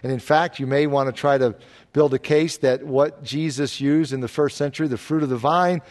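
A man's voice: mid-range voice, steady tone, moderate pace, darkish tone. A man, a pastor, answering Bible questions in a sermon-style Q&A, earnest and explanatory, asking rhetorical questions.

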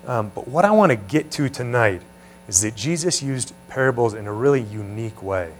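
A man's voice: medium pitch, expressive, moderate pace. A man preaching a teaching sermon in a conversational way, often asking his listeners questions. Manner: conversational, asks the room questions. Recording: mains hum behind voice.

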